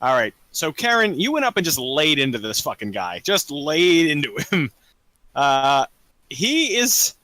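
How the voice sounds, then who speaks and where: A young man runs a tabletop game, narrating the action in a bright, sharp voice that swings widely in pitch. He stumbles often on ums and uhs and swears casually. The sound is close and dry. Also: very animated, no echo. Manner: halting, full of ums and swearing. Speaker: dungeon master. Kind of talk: running a tabletop game over voice chat.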